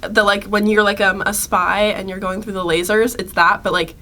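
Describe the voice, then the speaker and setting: A woman's voice: medium pitch, fairly even intonation, normal speed, sharp tone. A young woman co-hosting a podcast, chatting casually and giggling often. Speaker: podcast co-host. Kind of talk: casual chat.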